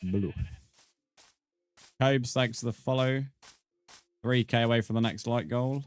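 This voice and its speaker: A man's voice: medium pitch, measured pace. A British man chatting casually with viewers during a live game stream, bantering and thanking followers. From Britain. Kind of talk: casual live-stream chat while gaming.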